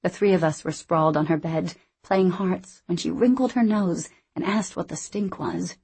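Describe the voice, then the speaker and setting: Husky woman reading a novel. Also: on the low side, darkish tone. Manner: measured, reflective. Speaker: audiobook narrator. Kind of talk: scripted first-person narration.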